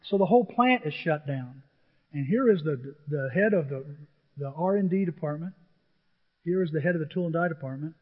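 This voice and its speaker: A man gives a sermon as pastor, chatting and telling stories with acted-out quotes. His voice sits a little high. The sound is dull and rings with a long hall reverb. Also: lively intonation, a little fast. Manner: conversational storytelling with acted quotes.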